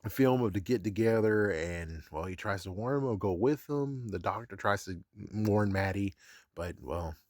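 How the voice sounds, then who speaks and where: A man's voice: lowish voice, animated, normal speed, darkish tone, dry recording, clean studio sound. A man giving a casual episode recap, chuckling often and swearing in a sarcastic, offhand way. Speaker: show recap vlogger.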